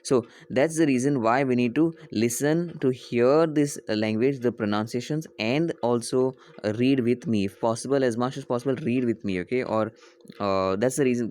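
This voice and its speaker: Man slowly teaching a French poem. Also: mid-range voice, a little mellow, no room sound. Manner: reads slowly, repeats and translates each line, self-corrects.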